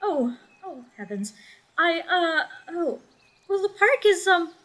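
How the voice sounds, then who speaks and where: A woman's voice: very high voice, very animated, slow pace, fairly bright tone, voice pushed up, heavily acted. A woman voicing a timid, flustered mother who stammers and apologizes.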